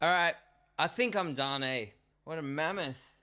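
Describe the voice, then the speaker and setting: Over the loud music of the track he's laying down, a tired man streams his songwriting session from a home studio. His voice is a little high and a little slow as he chats casually, cracks self-deprecating jokes and swears frequently.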